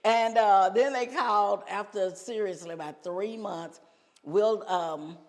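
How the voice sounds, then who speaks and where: Animated woman telling her story. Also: mid-range voice, unhurried, in a large hall. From United States. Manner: animated, repeats phrases for emphasis. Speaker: podcast guest, gospel singer. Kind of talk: casual storytelling in an interview.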